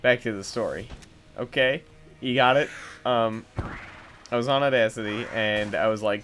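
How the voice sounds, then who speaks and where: A man's voice: mid-range voice, moderate pace, a bit bright, a little hiss or hum. A young man giving casual, rambling gameplay commentary, swearing often and joking at his own expense. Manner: rambling, self-deprecating, swears a lot. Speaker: let's play commentator.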